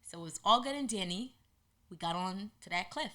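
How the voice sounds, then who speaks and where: A woman hosting a podcast, telling a personal story in an animated way and acting out what people said. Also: mid-range voice, a little fast. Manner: animated, acts out quotes in lively voices. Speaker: podcast host.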